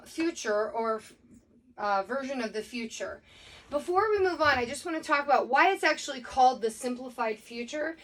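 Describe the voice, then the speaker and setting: A woman's voice: high voice, a bit bright, distant mic. A woman Spanish teacher giving a casual recorded lesson, explaining grammar step by step with many fillers.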